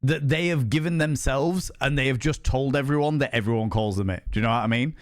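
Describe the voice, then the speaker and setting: A man's voice: mid-range voice, moderate pace, dry recording, studio quality. A man live-streaming in casual chat, laughing often and swearing freely.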